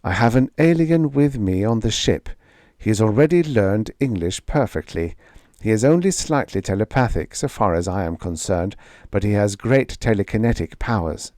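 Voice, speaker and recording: A man's voice: lowish voice, expressive, moderate pace, darkish tone, no echo, studio quality, close to an everyday voice. Man reading as a tense woman ship captain. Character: tense young woman captain stalling an alien.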